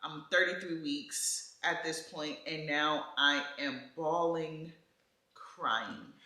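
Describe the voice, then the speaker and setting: A woman vlogger casually telling her birth story in an animated way, often laughing. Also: low voice, takes it slowly, roomy sound, low-quality recording.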